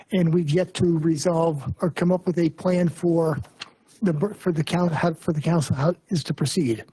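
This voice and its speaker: A man with a high, hoarse voice delivers a committee report at a local council meeting. His tone is dark and mellow, with a husky edge. He moves methodically from one numbered item to the next. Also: poor audio. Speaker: finance committee member.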